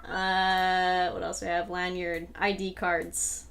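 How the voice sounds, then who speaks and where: A woman's voice: on the low side, completely flat delivery, takes it slowly, creaky, fairly bright tone. Woman host, casual livestream chat, rambling and upbeat, a faint hiss behind her. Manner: chatty, rambling with fillers and laughs. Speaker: host and creator of the audio drama.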